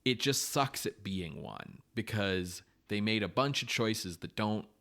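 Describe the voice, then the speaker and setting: A man co-hosting a podcast in casual chat, animated and swearing, often acting out what people say. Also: fairly low pitch, measured pace. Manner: animated, swearing, acts out quotes. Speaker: podcast co-host.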